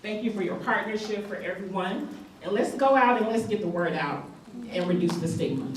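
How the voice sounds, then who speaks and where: A woman gives an emphatic, encouraging address to a community audience. Her voice sits at a middle pitch. She is captured from a distance, and a hall adds heavy reverberation. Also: a little fast, background noise. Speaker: community organization speaker. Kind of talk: public address at community event. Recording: very echoey hall, distant mic.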